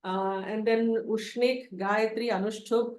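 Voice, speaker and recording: Slow, patient woman teaching chanting. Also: fairly high pitch, steady tone, darkish tone, roomy sound, a little hiss or hum. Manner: slow, deliberate syllable-by-syllable chanting for repetition. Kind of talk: online chanting class. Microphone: video call.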